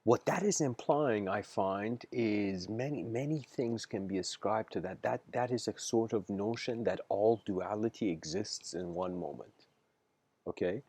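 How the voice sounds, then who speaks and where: A man's voice: lowish voice, unhurried, darkish tone, breathy edge. A man giving an improvised philosophical lecture on a livestream, searching for words, restarting phrases and checking in with his listeners. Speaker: spiritual lecturer.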